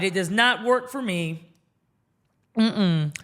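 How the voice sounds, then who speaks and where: A young adult woman podcaster telling a heated callout story to camera, rapid and indignant, acting out what others said. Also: fairly high pitch, expressive, a bit bright. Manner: indignant, rapid storytelling, acts out quoted dialogue.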